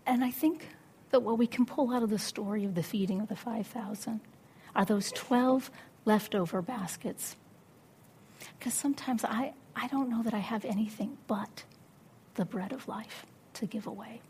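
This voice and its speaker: A middle-aged woman preaching a sermon, telling a story with lively acted-out inner dialogue. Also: fairly high pitch, normal speed, slight background noise. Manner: animated storytelling, acts out her own inner voice.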